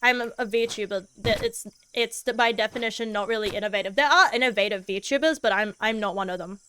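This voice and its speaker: A woman's voice: mid-range voice, brisk, fairly bright tone, a little hiss or hum, rough recording. A woman streaming a game as a VTuber, chatting casually in a goofy, laid-back way and swearing freely.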